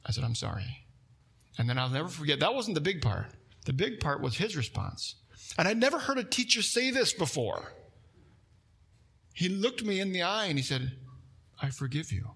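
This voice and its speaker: A male pastor preaching with a bright, forceful edge to his voice. He swings from loud, pressing emphasis down to hushed, intimate lines as he tells a story from the pulpit. His voice sits a little higher than most men's. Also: very animated, normal speed, gravelly, slightly rough. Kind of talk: sermon.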